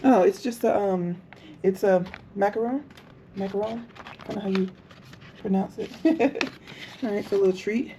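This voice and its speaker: A woman's voice: medium pitch, steady tone, normal speed, long pauses, mellow, a little hiss or hum. A middle-aged woman filming a casual tour of her hotel room, exclaiming and laughing often. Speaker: travel vlogger. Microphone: handheld camera.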